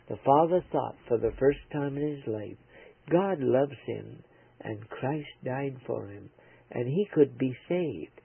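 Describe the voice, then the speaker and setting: A male preacher telling a moral story in a slow, earnest, halting way, heard over a tinny radio broadcast. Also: medium pitch, creaky, husky, no echo.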